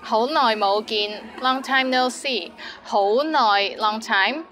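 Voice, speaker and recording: A woman's voice: fairly high pitch, slow pace, pushed and bright, slight background noise, low-quality recording. A woman teaching phrases in a playful, upbeat lesson. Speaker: language teacher. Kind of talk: lively language lesson.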